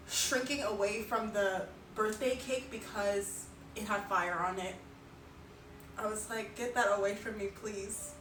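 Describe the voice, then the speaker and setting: A woman's voice: on the high side, a bit bright, recorded from a distance. Giggly young woman streamer, roomy sound. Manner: rambling, giggly, filler-heavy. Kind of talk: casual live-stream chat. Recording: roomy, off-mic, music behind.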